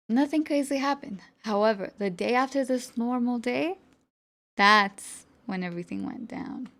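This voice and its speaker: A young woman tells her chat a personal story in a lively, chatty way, often laughing and checking in with "you know?" Her voice sits a little high and has a gravelly edge. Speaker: streamer. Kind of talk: storytime chat with stream viewers.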